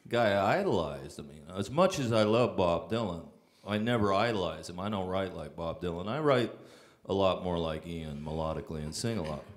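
A man's voice: deep voice, animated, fairly quick, few pauses. A man, a songwriter, telling casual rambling stories on stage with frequent fillers and restarts. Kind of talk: casual anecdotal storytelling.

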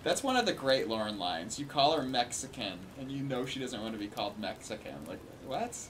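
A man's voice: medium pitch, very animated, a little fast, noisy background. A man host giving casual, sarcastic and exasperated commentary on a played call. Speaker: commentary streamer.

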